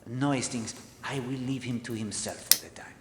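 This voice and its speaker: An actor playing a precise, middle-aged male detective who speaks in a formal, measured way, heard as game audio. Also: mid-range voice, lightly acted. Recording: echoey game audio with loud noise.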